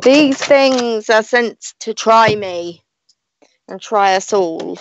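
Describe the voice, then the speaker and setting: A woman's voice: mid-range voice, takes it slowly, highs cut off, a little hiss or hum. A British woman hosting a live online radio show, talking in a chatty, rambling way and laughing often. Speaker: radio show host and psychic reader.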